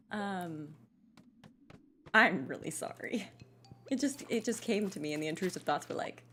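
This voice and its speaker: A woman's voice: fairly low pitch, bright, forceful tone. A young adult woman giving casual, rambling commentary while playing a game, often laughing at herself. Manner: giggly, rambling, self-deprecating. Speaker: gaming streamer.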